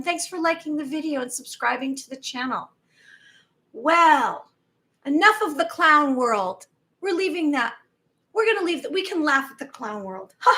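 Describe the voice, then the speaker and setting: High-voiced woman hosting a spiritual livestream. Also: fairly bright tone. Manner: rambling, asks listeners many questions. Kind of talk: casual spiritual talk to live viewers.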